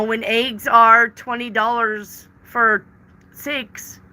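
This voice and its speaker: A woman's voice: medium pitch, pushed and bright. A woman reading tarot on a live stream, reading out viewer questions and answering them with emphatic repetition. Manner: emphatic, repeats words for stress. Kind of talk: casual live-stream chat.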